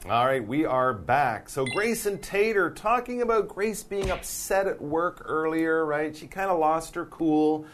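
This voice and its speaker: A man's voice: a little high, expressive, unhurried, few pauses, over music. A man hosting an English lesson, explaining in a casual, playful way and acting out examples. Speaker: English teacher host.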